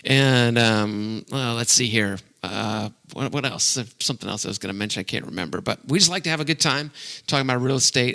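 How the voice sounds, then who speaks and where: Upbeat, bright-voiced male podcast host. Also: medium pitch. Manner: upbeat, laughs often, rambling with fillers. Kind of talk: casual podcast chat.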